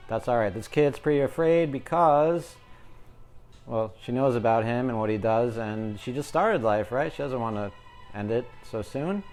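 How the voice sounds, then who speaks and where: A man doing a relaxed tarot card reading for his viewers. He jokes and rambles as he talks, in a voice of ordinary pitch. Faint music plays in the background. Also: normal speed. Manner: jokey, chatty, talks to viewers as collective. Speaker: tarot reader.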